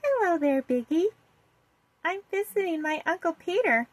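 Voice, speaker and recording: A woman puts on a small, sweet little girl's voice in a storybook, lifted well above her own pitch. The sound is dry and close. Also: very animated, normal speed, no echo. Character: little kindergarten girl, sweet and gentle.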